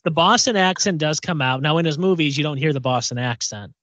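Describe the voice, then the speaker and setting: Podcast co-host, man, fairly high voice, talkative, restarts his words; dull dry studio sound. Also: a little fast, a bit bright, no echo. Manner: chatty, repeats words while thinking. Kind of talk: casual chat.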